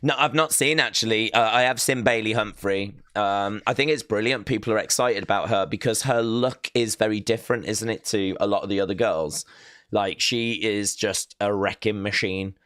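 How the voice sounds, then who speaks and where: A man's voice: fairly low pitch, moderate pace, fairly bright tone, dry recording, studio quality. A man hosting a live watch-along stream, chatting casually and rambling a little as he reads out viewer messages. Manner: chatty, rambling, self-mocking, with fillers.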